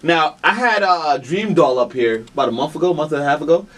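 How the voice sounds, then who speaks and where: A man's voice: fairly high pitch, expressive, a little fast, a bit bright. A man hosting an interview show, playful and teasing, joking with his guest. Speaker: interview host. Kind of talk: casual interview chat.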